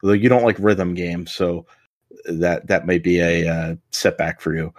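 A man with a very deep voice talks through a game in a relaxed, rambling way. He leans on fillers and restarts as he explains, and the sound is dry with no room around it. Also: moderate pace, no room sound. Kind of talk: casual chat about video games.

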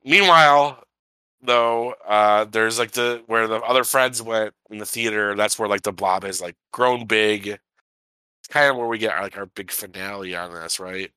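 Bright, forceful man in casual podcast chat. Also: on the low side, normal speed, smooth, no room sound. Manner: rambling, heavy on filler words like "like" and "um". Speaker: podcast co-host reviewing a film.

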